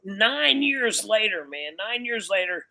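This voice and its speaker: A man's voice: high-pitched, big pitch swings, unhurried, gravelly, bright, forceful tone, low-quality recording. A man, a biker pastor and podcast guest, giving a casual testimony in a loose, preachy way, dropping "man" and "you know" throughout.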